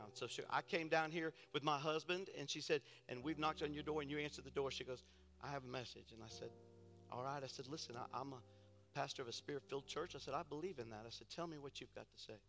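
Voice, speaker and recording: A pastor delivers a fervent sermon in a gravelly, mid-range voice, talking fast over soft background music. He tells a story softly and intimately, then builds to loud, fervent exhortation.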